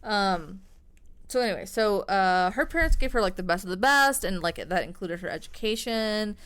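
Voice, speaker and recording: A podcast co-host, a woman, rambles through a true-crime story, peppering it with "like," "um," and casual swearing. Her mid-range voice is expressive and a bit bright, moving at a normal speed with a clean tone.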